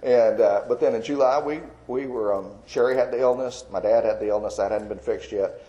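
A man giving an earnest, rambling personal testimony as a Christian artist, with fillers and soft laughs. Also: mid-range voice, brisk, highs cut off.

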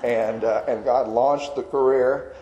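A man giving an earnest, rambling personal testimony as a Christian artist, with fillers and soft laughs. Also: medium pitch, fairly even intonation, measured pace, highs cut off.

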